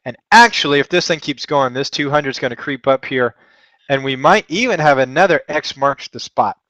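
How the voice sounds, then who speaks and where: A man's voice: medium pitch, moderate pace, fairly bright tone, no room sound. A man from Texas hosting a live trading lesson, thinking aloud in a chatty, joking and self-deprecating way with rambling asides. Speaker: trading webinar host.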